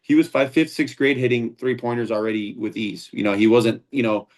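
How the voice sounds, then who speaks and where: A man's voice: medium pitch, level tone, a little fast, darkish tone. A man, a founder and combat sports instructor, talking as a guest in a casual interview, earnest and rambling, with frequent restarts.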